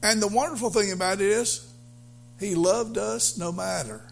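A male pastor preaching a sermon, halting with fillers, then building to fervent emphasis. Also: high voice, creaky.

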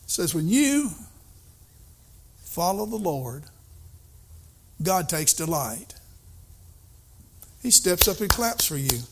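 Older man, preacher, sermon, unhurried, slightly high voice, emphatic. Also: gravelly. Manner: emphatic, swings between soft asides and excited outbursts.

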